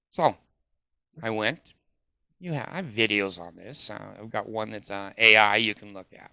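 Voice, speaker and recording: A man's voice: on the low side, moderate pace, creaky, pushed and bright, clean tone, no echo, studio quality. A man vlogging in a rambling, hesitant way, full of fillers and casual swearing.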